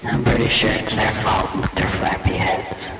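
A man's voice: sits low, flat delivery, moderate pace, reverberant, very noisy. A man livestreaming in a rambling, profane, jokey casual talk.

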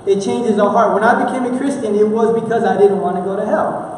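A man's voice: high-pitched, quick pace, a little hiss or hum. A man from Houston, preaching a sermon in an earnest, conversational way, often restarting his sentences. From Houston, Texas. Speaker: pastor. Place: church. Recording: echoey church hall, mic far off.

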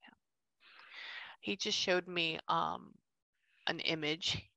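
A woman working as a medium, chatting casually and relaying messages in quick bursts, acting out what she is shown. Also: on the low side, steady tone, gravelly, sharp tone, no room sound. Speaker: psychic medium. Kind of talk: casual reading session.

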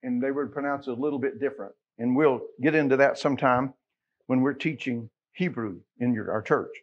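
A man's voice: mid-range voice, fairly quick, husky, dull audio. A man with a Texan accent preaching a sermon as pastor, folksy and joking with his congregation.

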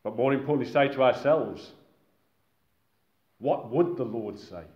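A man preaching a sermon to a gathered congregation, animated and exclaiming, calling his listeners friends. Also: medium pitch, measured pace. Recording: echoey, muffled room recording with faint noise.

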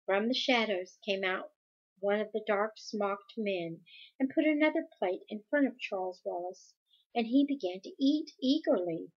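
A woman reading a children's novel aloud chapter by chapter, gentle, closing with a spoken blessing. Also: mid-range voice, lively intonation, moderate pace, husky, highs cut off.

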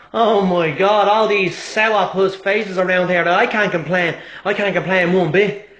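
A man's voice: sits high, fairly even intonation, measured pace, fairly bright tone, echoey room. A man impersonating a brash, boastful male fighter who swears and trash-talks. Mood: cocky.

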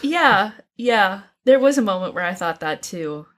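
A woman co-hosting a podcast, chatting animatedly about a movie and acting out lines from it. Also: mid-range voice. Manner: animated, quick restarts, quotes characters. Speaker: podcast co-host. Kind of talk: casual movie discussion.

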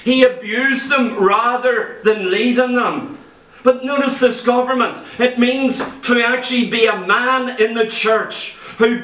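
A man preaches a fervent sermon, his voice unusually high and bright for a man. He throws himself into the stories, putting on the voices of the people in them. He is caught from a distance, with the church echo ringing around him. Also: measured pace. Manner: impassioned, acts out quoted voices in stories. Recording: echoey church from far off.

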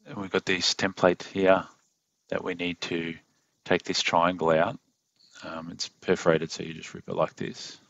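A low-voiced Australian man talks through a car install tutorial in a flat, monotone voiceover. His voice has a gravelly edge. The recording is dry and a little dull. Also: no room sound. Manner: monotone, plain and unhurried, with fillers. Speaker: DIY car install host. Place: home studio voiceover.

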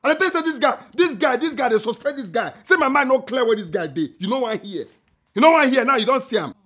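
Jealous nigerian husband, jobless and hot-tempered, stammers fast and high, faint music under it. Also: male voice, animated, a bit bright. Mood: accusing. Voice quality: stammering, repeats words in angry bursts.

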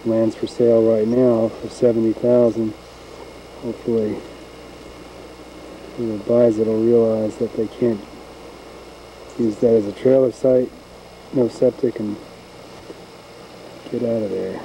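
A chatty country man rambles on about his land while filming outdoors. His voice is very dark and mellow, at an everyday pitch for a man. Faint outdoor noise sits under the camcorder sound. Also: fairly even intonation, a little slow, long pauses, poor audio. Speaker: home video maker. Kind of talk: casual narration while filming. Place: outdoors on a rural farm. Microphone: handheld camcorder mic.

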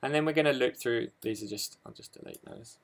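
Guy explaining code, kinda gravelly, stops and restarts a lot, ums everywhere. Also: medium pitch, fairly quick. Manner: hesitant, many ums and restarts. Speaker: coding tutor. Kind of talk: screen-recorded code walkthrough.

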